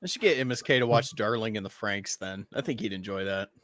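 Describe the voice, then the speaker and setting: A man's voice: fairly low pitch, fast talker, fairly bright tone. A man in casual podcast chat, rambling with stammers and frequent laughs.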